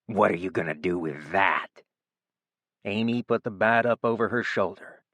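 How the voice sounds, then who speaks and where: A man narrating an audiobook in a steady, even storytelling voice. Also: lowish voice, no room sound. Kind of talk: scripted narration.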